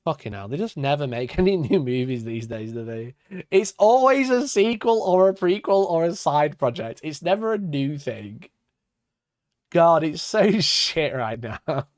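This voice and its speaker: A man's voice: on the high side, no echo, clean studio sound. A man from Sheffield with a Yorkshire accent, chatting casually on a live stream, swearing and laughing often as he rants. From Sheffield, Yorkshire, England. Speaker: wargaming streamer.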